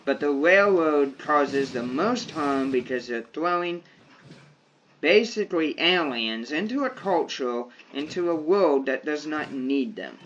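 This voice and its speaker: A man with a slightly high voice talks very slowly over his gameplay, weighing each phrase and circling back to repeat himself. The recording sounds dull and lo-fi, like a modest home mic. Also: lively intonation, fairly bright tone, slight background noise. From United States. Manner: slow, deliberate, repeats himself. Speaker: gaming video creator. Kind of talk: gameplay commentary.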